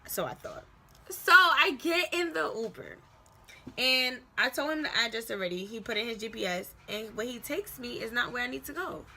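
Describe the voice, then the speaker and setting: A young woman telling a casual storytime vlog, animated and slangy, acting out quoted voices. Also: on the high side, normal speed, gravelly. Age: young adult.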